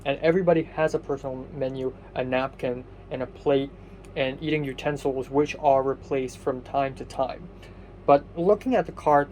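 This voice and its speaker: A man's voice: on the high side, warm tone, a little hiss or hum, low-quality recording. A young man narrating his video diary casually, with many fillers and self-corrections. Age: young adult.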